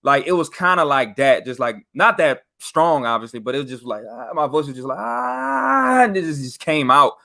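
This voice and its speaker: Young male podcast host, casual slangy storyteller, mid-pitched, animated on emphasis. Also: fairly quick, few pauses.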